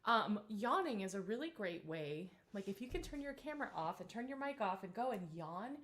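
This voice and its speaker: A woman in her thirties, a vocal coach leading a live-streamed singing warm-up, chatty and encouraging, with many fillers. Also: mid-range voice, big pitch swings, normal speed.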